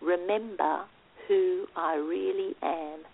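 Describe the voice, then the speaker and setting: Woman reading as a soft hushed loving soul from a storybook, bit husky, sounds like a phone line. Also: mid-range voice, measured pace. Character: gentle, loving female soul of light. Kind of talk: storybook read aloud.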